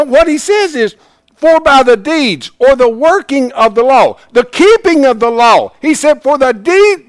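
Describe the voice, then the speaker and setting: A man teaching a Bible class in a folksy, plain-spoken way, swinging from hushed asides to loud emphasis. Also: very high voice, no echo.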